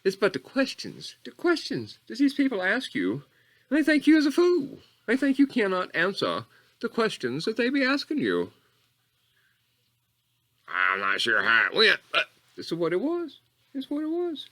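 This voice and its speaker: A man's voice: huge pitch swings, moderate pace, bright, forceful tone, full character voice. A man playing a rambling, folksy bayou character with a Louisiana drawl who tells a meandering, mock-earnest story in a comedy monologue. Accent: Southern US (Louisiana bayou). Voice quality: folksy drawl, wildly swooping pitch. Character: rambling bayou man calling himself Coach Catfish.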